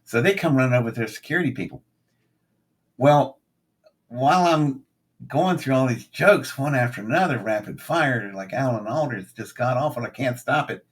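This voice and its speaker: Speaking at a normal speed, this older man, a guest, tells a lengthy story in relaxed conversation. His voice is husky and a bit rough, and he launches into animated, performed quotations, pitching up whenever a punchline lands.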